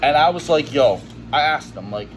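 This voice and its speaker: A man's voice: fairly high pitch, lively intonation, moderate pace, background noise. A man in a casual monologue to camera, blunt and emphatic, with lots of "you know". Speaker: vlogger.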